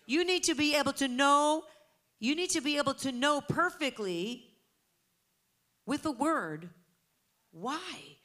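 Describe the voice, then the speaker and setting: A woman's voice: sits high, animated, takes it slowly, long pauses, pushed and bright. A woman preaching a sermon to a congregation, fervent and emphatic.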